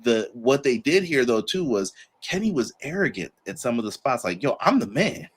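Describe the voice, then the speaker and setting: A man hosting a podcast, reviewing a wrestling show in a casual chat and acting out the wrestlers in quick put-on voices. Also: medium pitch, sing-song, breathy edge. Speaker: podcast host.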